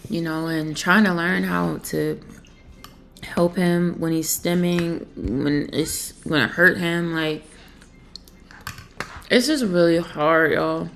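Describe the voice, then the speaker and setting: A young mother from Pennsylvania speaking in a confessional vlog, emotional and halting, with many fillers. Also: lowish voice, creaky, slight background noise. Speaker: vlogger and mother.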